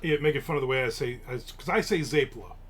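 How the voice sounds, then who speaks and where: Hailing from Newark, New Jersey, this show host talks fast in a mid-range, slightly bright voice. On his live stream he tells rambling, casual stories, swearing offhandedly along the way.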